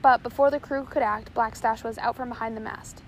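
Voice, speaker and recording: A woman's voice: fairly high pitch, fairly even intonation, a little fast, slight background noise, poor audio. A woman narrating a chapter of a storybook aloud, reading steadily with small slips. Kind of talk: audiobook reading.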